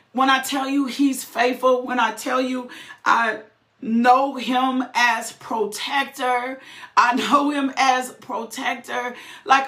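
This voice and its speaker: A woman's voice: high-pitched, fairly bright tone. A woman giving a fervent, emotional personal testimony, repeating phrases and breaking into laughter. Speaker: testifying believer. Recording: roomy echo.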